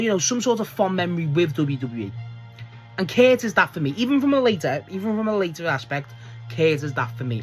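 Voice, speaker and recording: An excitable wrestling fan host rambles in a loose, casual monologue, cursing freely and often breaking off to restart a thought. The voice sits at a middling pitch. Faint music plays underneath.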